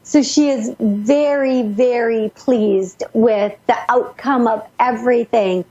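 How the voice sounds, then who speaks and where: A woman psychic medium hosting a call-in radio show, relaying messages in a rushed, breathless way full of restarts. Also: on the high side, warm tone, breathy edge, dull audio.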